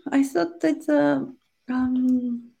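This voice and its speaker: A woman's voice: sits high, fairly even intonation, drawn-out words, vocal fry. A woman who is a guest on a livestream, a native Japanese speaker, talking hesitantly in English. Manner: hesitant, soft-spoken. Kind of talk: casual chat.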